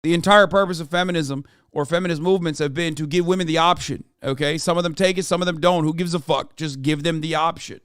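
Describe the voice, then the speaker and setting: A man reacting to clips on his stream, mocking and profane, his voice pitched a little high. The sound is smooth and close, with a dry, roomless quality. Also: steady tone, fast talker, hardly any pauses, no echo. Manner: sarcastic, swears a lot, bursts into shouting.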